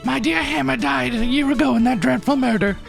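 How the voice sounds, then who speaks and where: A man's voice: extremely high pitch, fairly quick, gravelly, faint music behind, pitched above the performer's own voice, heavily acted. A man voicing a vain, pushy old woman who scolds and rambles, for a game playthrough. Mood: haughty, rambling.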